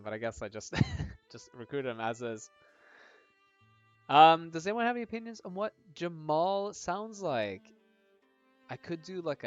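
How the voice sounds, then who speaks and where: A man casually narrating a tabletop-style game on a live stream, pausing often and asking his viewers for ideas. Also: medium pitch. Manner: hesitant, lots of ums, chatty with viewers. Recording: dull lo-fi audio with faint game music.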